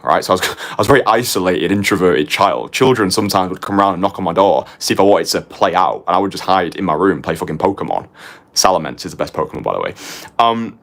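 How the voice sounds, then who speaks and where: Deep-voiced young man coaching with punch. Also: vocal fry, fairly bright tone. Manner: punchy, confessional, tags lines with "right?" and "yeah?", swears casually. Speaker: dating coach. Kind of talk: motivational course lecture.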